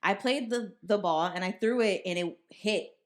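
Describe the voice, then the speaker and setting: A woman in her twenties, a podcast co-host, telling animated, profane stories in casual chat. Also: mid-range voice, moderate pace. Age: 20s.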